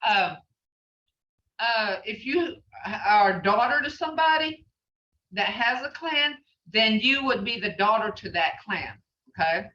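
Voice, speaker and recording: A woman's voice: fairly high pitch, animated, measured pace, sharp tone, recorded from a distance. A woman teaching a language class, patiently repeating phrases as she explains them. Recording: muffled, roomy, from off mic.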